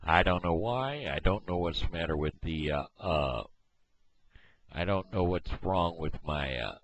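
A man from Missouri talking casually to camera on his video blog, halting often with fillers and restarts, recorded on a headset microphone at home. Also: low-pitched, animated, a little hiss or hum. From Missouri, USA. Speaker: video blogger. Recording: dull lo-fi headset mic.

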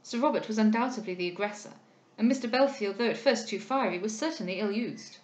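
A woman reads the part of an anxious, earnest young heiress who presses with urgent, pleading questions. The voice sits mid-pitch and lifts when worried. The recording has a roomy echo. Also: fast talker, lightly acted.

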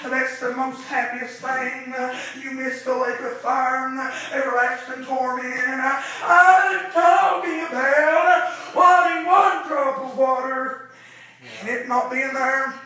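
A man preaching, chanting his sermon in bursts, with a sharp "uh" breath before each phrase. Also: very high-pitched, steady tone, slow. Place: church sanctuary. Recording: echoey church from far off.

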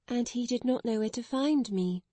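A woman's voice: fairly high pitch, normal speed, dark tone, no echo, voice pushed up, natural voice. A woman doing Sarah, an eager young girl. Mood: anxious. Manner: eager, breathless wonder. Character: earnest, tender young girl.

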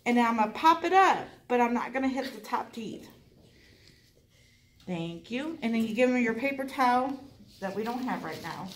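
A woman's voice: on the high side, expressive, recorded from a distance, a little hiss or hum. Woman instructor coaching a class, echoey room. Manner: chatty, encouraging, coaching with quick asides. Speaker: dental assisting instructor. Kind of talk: hands-on classroom demonstration.

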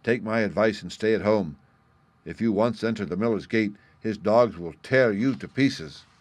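A man's voice: fairly low pitch, moderate pace, no room sound, natural voice. A man voicing a cheeky young boy in a storybook reading, insistent and blunt. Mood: urgent, blunt. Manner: insistent warning, raised voice.

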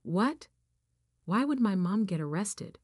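A woman's voice: fairly low pitch, lively intonation, normal speed, darkish tone, no echo, clean studio sound. A woman voicing a defensive adult man who pleads and demands, in her everyday voice.

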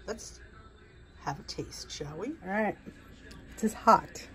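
A woman's voice: mid-range voice, takes it slowly, fairly bright tone, poor audio. A woman hosting a home cooking video, talking viewers through a recipe in a chatty, rambling way. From United States. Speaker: cooking vlog host. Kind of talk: casual cooking demonstration.

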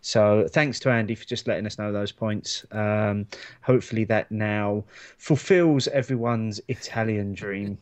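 A man's voice: on the low side, a little slow. A man co-hosting a beer podcast, chatty and self-deprecating as he tells his stories. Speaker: podcast co-host. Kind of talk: casual chat.

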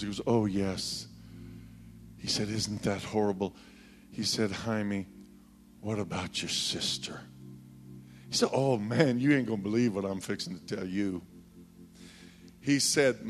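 A man preaching a sermon, telling a story with quoted voices and building to loud, pleading calls. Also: fairly low pitch. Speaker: pastor.

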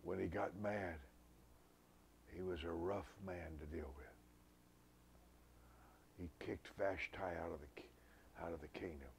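Slow, gravelly preacher man. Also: sits low, steady tone, slight background noise. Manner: dramatic swings from loud outbursts to hushed whispers. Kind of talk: sermon.

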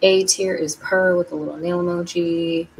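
A young woman giving a casual, animated movie-review rant, laughing often. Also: lowish voice, moderate pace, slight background noise, low-quality recording. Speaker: video creator reviewing movies. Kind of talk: casual ranting review vlog.

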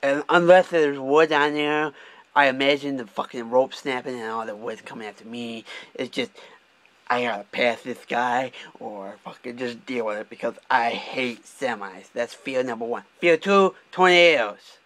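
A man's voice: mid-range voice, moderate pace, fairly bright tone. A young man from Michigan talking candidly in a casual vlog, swearing often and restarting his sentences as he drives. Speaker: vlogger. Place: car, driving.

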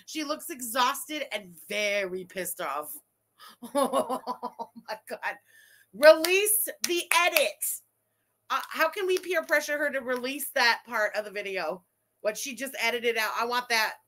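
A woman streamer reacting live, her voice high and bright with a tense edge. She swears freely and bursts into laughter and indignant rants, and she thanks viewers between outbursts. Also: a little slow. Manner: excitable, profane, laughing outbursts.

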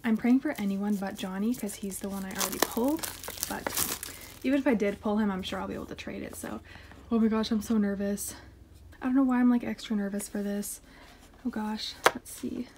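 A young woman with a medium-pitched voice talks briskly in casual chat, unboxing her K-pop haul on her floor at home. A K-pop collector vlogger, she gushes excitably and sometimes drops to a whisper, with slight background noise.

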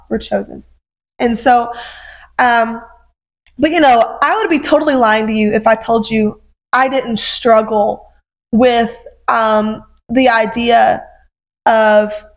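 A young woman minister telling an earnest, emotional personal testimony, sermon-style, with frequent fillers. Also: fairly high pitch.

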